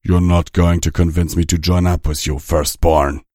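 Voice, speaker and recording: A man's voice: sits low, flat delivery, normal speed, dark tone, no echo, close to an everyday voice. Man voicing dry, defiant old pony demigod.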